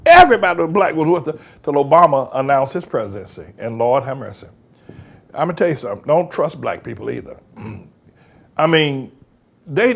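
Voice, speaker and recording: A man with a high, wildly swooping voice hosts a talk show in a heated monologue. He talks in loose slang, mocks freely and climbs into shouting bursts. The whole delivery is fiery and restless. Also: gravelly, breathy edge.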